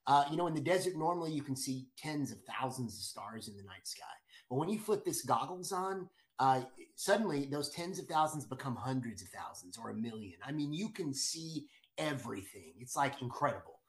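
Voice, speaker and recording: A man's voice: mid-range voice, lively intonation, a little fast. A middle-aged man eagerly telling a personal story, with lots of restarts and repeated words. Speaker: guest storyteller. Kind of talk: animated storytelling.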